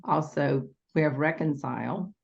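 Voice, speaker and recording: A woman's voice: low-pitched, unhurried, vocal fry. A woman who works as a parenting educator, answering interview questions in a patient, instructive way. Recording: dull lo-fi audio.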